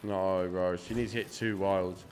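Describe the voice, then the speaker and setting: A man's voice: deep voice, level tone, a little slow, a little mellow, faint music behind. A young man doing casual live-stream commentary, swearing freely and chatting to his viewers. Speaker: slot streamer.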